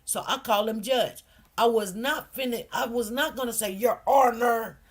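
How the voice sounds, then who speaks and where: A woman with a fairly high voice tells a personal story to her viewers as a commentary host. She speaks with feeling, circles back and repeats herself, and keeps addressing her audience directly. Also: moderate pace. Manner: emotional, repetitive, speaks straight to viewers. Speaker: host of a news commentary channel.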